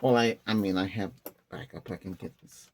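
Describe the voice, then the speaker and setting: A man's voice: low-pitched, normal speed, darkish tone. A man hosting a tech channel, talking casually and rambling with many restarts and chuckling asides. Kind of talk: casual rambling vlog talk.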